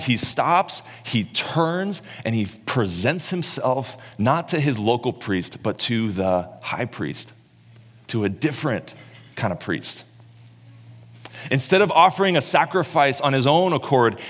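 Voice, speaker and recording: Man, preacher, sermon, animated storytelling, long hall reverb. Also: medium pitch. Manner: animated storyteller who acts out quotes.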